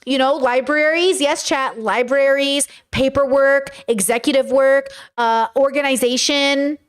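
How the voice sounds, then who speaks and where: Speaking a little slowly in a high-pitched voice with fairly even intonation, a young woman streams reactions to clips. She chats casually and rambles to her live chat, using lots of fillers and swearing.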